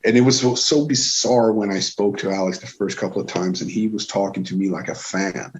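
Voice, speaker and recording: A man's voice: deep voice, a little fast, slight background noise. Swedish man, swearing and restarting. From Sweden. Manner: swears freely, many restarts, animated storytelling. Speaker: guest musician. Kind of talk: casual podcast chat.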